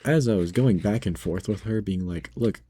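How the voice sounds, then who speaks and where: A man's voice: lowish voice, normal speed, dark tone, slight background noise. A young man working as a grocery cashier, retelling a bad customer story in a casual, slangy, exasperated way.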